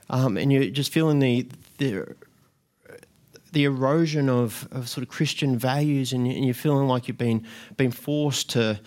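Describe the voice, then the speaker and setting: A man's voice: medium pitch, a little mellow. A man preaching a sermon in an earnest way, often restarting and repeating words as he goes.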